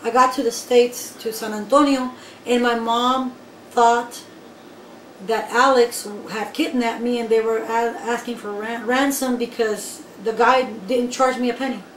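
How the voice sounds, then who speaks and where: A woman from Guatemala, telling her own story in an interview in an animated, emphatic way and speaking straight to the listeners. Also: on the high side, measured pace. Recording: echoey room, voice from far off, faint background noise.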